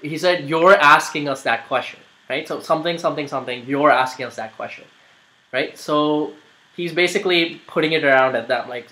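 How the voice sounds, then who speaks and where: A man's voice: on the high side, brisk, bright, forceful tone, rough recording. A man commenting on a played video, argumentative and rambling, with many fillers. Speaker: YouTuber making a response video.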